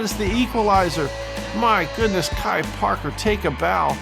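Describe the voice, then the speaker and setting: A man hosting a gaming video, calling the on-screen action in an excitable mock sportscaster style with bursts of frustration. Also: high-pitched, normal speed, creaky, music in the background. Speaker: gaming channel host. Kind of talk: play-by-play gameplay commentary.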